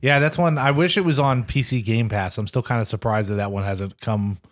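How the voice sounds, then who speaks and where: A man's voice: mid-range voice, fairly even intonation, brisk. A man co-hosting a casual podcast, blunt and sardonic, swearing offhandedly. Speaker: podcast co-host. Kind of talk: casual chat.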